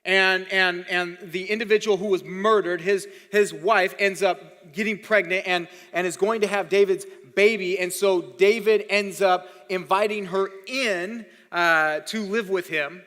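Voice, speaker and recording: A man's voice: high-pitched, steady tone, unhurried, sharp tone, big-room sound. A man preaching a sermon as pastor, conversational and often repeating words while he thinks. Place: church hall.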